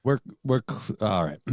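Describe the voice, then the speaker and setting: A man co-hosts a laid-back morning show, self-deprecating and dodging his partner's prodding, cursing freely as he goes. His voice sits in an ordinary middle pitch. The recording is dry and close. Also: creaky, darkish tone, slightly rough, no echo. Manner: self-deprecating, reluctant, swears casually. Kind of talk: casual banter show.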